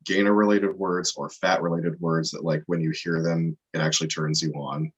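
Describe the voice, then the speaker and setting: A man co-hosting a podcast in relaxed, dryly amused casual chat. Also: a bass voice, moderate pace, breathy edge, lo-fi sound. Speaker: podcast co-host.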